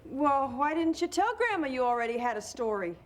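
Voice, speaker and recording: A woman playing a gentle, teasing mother at bedtime in a sitcom. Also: sits high, sing-song, fairly quick, slight background noise. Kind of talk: sitcom acting.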